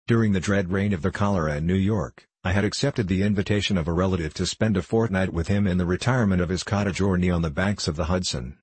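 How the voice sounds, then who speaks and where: A man narrates classic fiction in a measured, formal way. His voice sits very low and carries a husky grain. The recording is dry and close, with no room sound. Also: dry recording. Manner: measured, formal storytelling with archaic dialogue read in the same voice. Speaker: audiobook reader.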